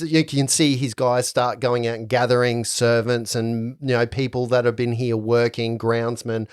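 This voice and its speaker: A man running a tabletop game, describing scenes in a loose, rambling way. His pitch is middling and the sound is dry and close to the mic. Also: moderate pace, hardly any pauses, no room sound. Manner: descriptive, relaxed, with restarts. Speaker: game master.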